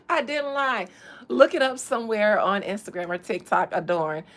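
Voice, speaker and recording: A woman's voice: medium pitch, animated, moderate pace, fairly bright tone, slight background noise. A woman hosting a podcast, chatting in a casual, profane, comedic way and laughing often. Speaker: podcast host.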